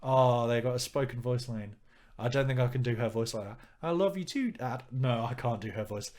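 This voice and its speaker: A young man with a gruff voice reading a visual novel aloud and commenting playfully as host. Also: mid-range voice, little pitch movement, brisk, a little mellow. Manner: playful, self-aware. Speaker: let's play host.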